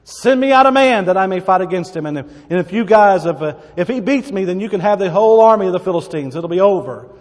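High-voiced preacher in a reverberant hall. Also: male voice, expressive, fast talker, hardly any pauses. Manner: dramatic Bible reading with asides. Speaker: pastor. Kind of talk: sermon.

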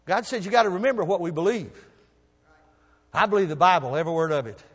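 Folksy preacher in a hall. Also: male voice, sits high, lively intonation, quick pace, breathy edge. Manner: folksy storytelling, swings from soft asides to loud emphasis. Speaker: pastor. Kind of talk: sermon.

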